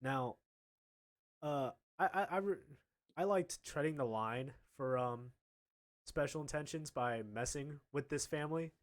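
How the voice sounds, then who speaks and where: A man's voice: fairly high pitch, a little slow. A young man casually telling a story about his school days, laughing often and acting out the other people in it. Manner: animated, laughing, acts out other people's lines.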